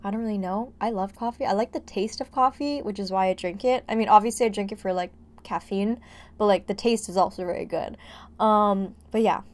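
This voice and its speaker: A woman's voice: mid-range voice, brisk, a little mellow. A young woman talks over her gameplay in a loose, rambling vlog voice, padding her sentences with "like". She sounds a bit breathless and wired from caffeine. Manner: chatty, rambling, heavy use of "like". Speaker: gaming vlogger. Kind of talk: casual voice-over commentary on a building game.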